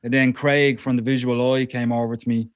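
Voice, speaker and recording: A man on a muffled, dry, lo-fi line, speaking at a middle pitch. He tells his story with small stumbles and chuckles between his words. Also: level tone, fairly quick, smooth, no room sound. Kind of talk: casual chat.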